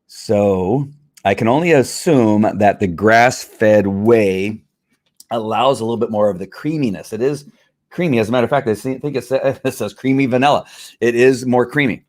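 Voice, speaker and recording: Man, lowish voice, rambling live-stream review, chatty, lots of restarts. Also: darkish tone. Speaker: vlogger reviewing products.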